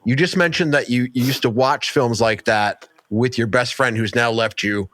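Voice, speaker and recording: A man's voice: mid-range voice, normal speed, a bit bright, dry recording. A man co-hosting a show, chatting casually with dry jokes. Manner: dry, joking. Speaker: podcast co-host. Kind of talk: casual chat.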